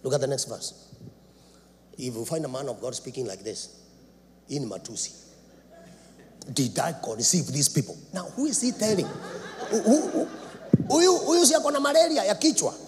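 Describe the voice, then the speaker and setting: A man preaching a sermon in a church, dramatic, swinging between loud shouts and low asides. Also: lively intonation, moderate pace, long pauses. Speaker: apostle preaching. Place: church sanctuary. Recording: reverberant church hall, faint background noise.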